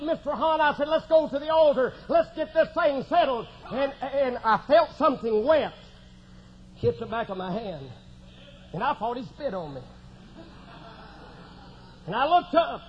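A man with a drawl preaches a revival testimony in a strikingly high voice. He swings between fervent shouts and quiet, hushed asides. The recording is dull and lo-fi, with faint hiss underneath. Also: expressive, a little slow, long pauses.

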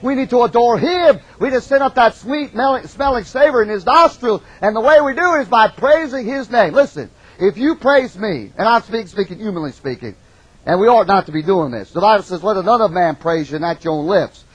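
A man's voice: high voice, animated, fairly quick, breathy edge, dry recording, dull audio. A middle-aged man preaching a folksy, emphatic sermon, calling out amens. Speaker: pastor.

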